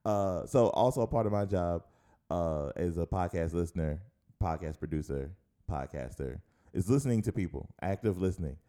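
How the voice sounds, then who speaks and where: A man's voice: deep voice, expressive, normal speed, dark tone. A man co-hosting and producing a casual podcast, a chatty storyteller who laughs often.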